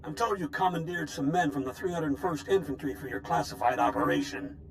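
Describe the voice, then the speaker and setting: A man voicing a gruff veteran army general in a video game, with a grizzled, old-sounding voice and clipped military orders. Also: fairly high pitch, fairly quick, a little hiss or hum. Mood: stern.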